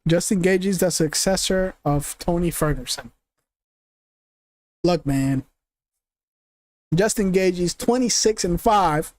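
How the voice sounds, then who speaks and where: A man's voice: high-pitched, slow pace, long pauses, a little mellow, no room sound, clean studio sound. Rambling young man streaming, swearing and laughing. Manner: rambling, laughs often, swears, forgets names. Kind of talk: casual live-stream commentary.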